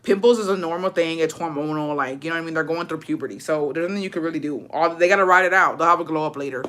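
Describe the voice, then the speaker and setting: A woman in her thirties tells a story live to her viewers and reads their comments as she goes. Her voice is bright and forward. She is blunt and slangy, swears constantly, and slips into Spanish here and there. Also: low voice, very fast, a little hiss or hum. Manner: profane, blunt, slangy, switches into Spanish words. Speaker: livestreamer. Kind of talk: casual storytelling on a livestream, reading comments.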